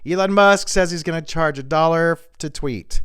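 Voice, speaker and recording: A man's voice: on the high side, moderate pace, fairly bright tone, clear, resonant tone, no echo, studio quality. A man hosting a comedy show who riffs on celebrity news in a rambling, crude, jokey way. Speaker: comedian host. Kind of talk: stand-up style celebrity news jokes.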